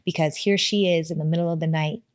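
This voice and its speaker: A woman's voice: deep voice, steady tone, fast talker. Heartfelt woman hosting a podcast. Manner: heartfelt, effusive. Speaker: podcast host. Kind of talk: interview conversation.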